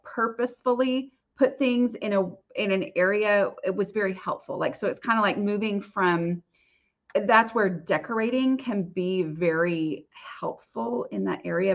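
A woman's voice: medium pitch, normal speed, creaky, dull audio. Chatty woman hosting a live Q&A. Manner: chatty, rambling, many fillers and restarts. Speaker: host answering viewer questions. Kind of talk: casual live Q&A.

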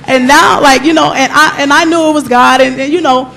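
A woman's voice: high-pitched, steady tone, a little fast, vocal fry, background noise. A middle-aged woman giving a personal testimony at a church service, telling her story with animation and acting out the lines of the people in it.

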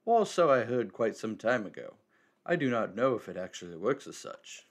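Man doing a cryptic old hermit, gravelly, lively pitch, slow and measured, game dialogue read aloud. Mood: cryptic, teasing. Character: mysterious old male hermit, cryptic and teasing.

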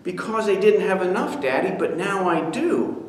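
A man's voice: sits high, animated, normal speed, recorded from a distance, a little hiss or hum, pitched above the performer's own voice. A man voicing an earnest, pleading five-year-old boy in a story told at a devotion. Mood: hopeful. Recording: echoey hall.

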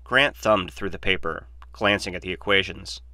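Low, bright-toned man reading a novel. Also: normal speed, no echo, clean studio sound. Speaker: audiobook narrator.

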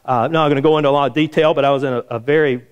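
A man's voice: fairly even intonation, very fast, smooth, muffled recording. A man preaching a sermon as a pastor, telling a story and acting out the voices in it. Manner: storytelling, acts out the quoted voices in a higher pitch. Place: church sanctuary.

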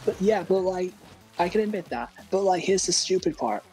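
A man's voice: high voice, normal speed, low-quality recording. A British man chatting casually during a game, who often repeats his words as he gets going. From United Kingdom. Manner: stammering, repeats words when excited. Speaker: guest gamer. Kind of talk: casual chat while gaming.

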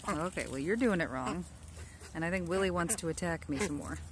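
Out in her backyard, a woman films her ducks on a handheld phone and coos at them in affectionate baby talk, a casual pet vlog. Her voice is lowish and a little fast, with a noisy background.

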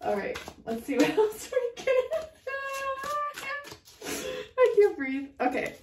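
Giggly, profane woman tarot reader; high voice, slow delivery, echoey room, mic at a distance. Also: sing-song, very noisy. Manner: giggly, profane, frequently laughing. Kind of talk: casual channeled tarot reading.

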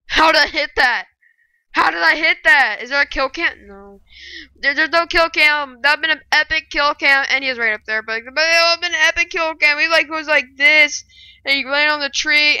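A woman giving live gameplay commentary, excitable and bursting into loud shouting rants. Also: high voice, moderate pace, no echo. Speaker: gaming video creator.

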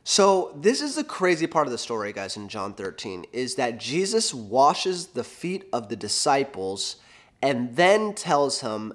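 A man's voice: mid-range voice, a little slow. Conversational man preaching casually. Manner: conversational, animated retelling with fillers. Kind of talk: casual sermon.

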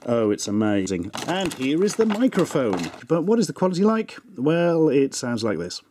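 A man's voice: a little high, wildly swooping pitch, moderate pace, background noise. A man reviewing gadgets in a sarcastic, mock-enthusiastic comedic way. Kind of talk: comedic product review, chopped into a remix.

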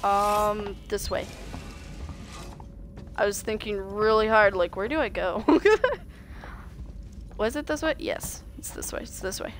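A woman's voice: mid-range voice, animated, slow, long pauses, a little hiss or hum. A woman with a slight Southern US accent, chatting through a live-streamed game and talking back to it. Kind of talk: live-streamed gameplay commentary.

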